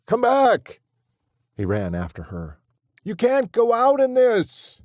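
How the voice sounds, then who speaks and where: A man narrating an audiobook in a measured, steady storytelling manner. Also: low-pitched, no echo, clean studio sound.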